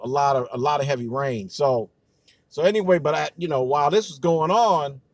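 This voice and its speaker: A man's voice: on the high side, a little fast, no room sound. Profane, rambling man on a dry mic. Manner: loose, profane, rambling with many fillers. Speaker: livestream host. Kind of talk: casual livestream talk.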